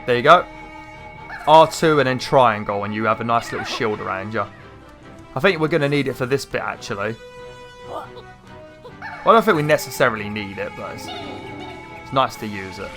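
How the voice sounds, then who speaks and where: A man giving casual gameplay commentary, chatty and rambling, with an irritated throat that he keeps clearing. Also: mid-range voice, huge pitch swings, normal speed, long pauses, music in the background. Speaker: gaming YouTuber.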